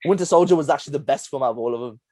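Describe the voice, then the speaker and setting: A young man, co-hosting a casual podcast chat, rambling through animated stories with lots of laughter. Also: mid-range voice, rapid-fire, no room sound. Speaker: podcast co-host.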